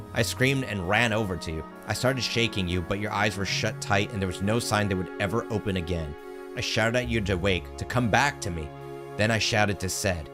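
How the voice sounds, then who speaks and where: A man streaming a game, reading its story text aloud with earnest expression. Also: lowish voice. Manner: earnest, expressive reading with brief surprised asides. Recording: game music behind the voice.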